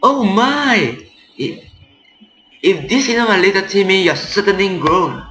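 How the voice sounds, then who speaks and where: A man voicing a doting older mother in a high, fond, fussing voice. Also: animated, a little slow, pushed and bright, echoey room, faint music behind, exaggerated voice.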